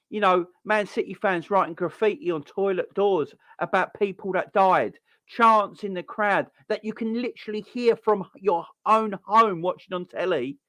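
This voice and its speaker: A South London man in his forties, with the accent to match, hosts a football fan channel and gives an angry, sweary rant to camera, often repeating and restarting. His voice is fairly high and a bit bright, and the recording is dry.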